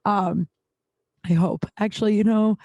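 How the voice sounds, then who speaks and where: A woman hosts her solo podcast in a loose, rambling way, packing her stories with "like" and cheerful swearing. Her voice sits at an ordinary middle pitch. The recording is close and dry, with no room echo. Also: steady tone, unhurried, mellow. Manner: rambling storytelling, heavy use of "like", frequent swearing. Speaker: podcast host. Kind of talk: casual solo podcast chat.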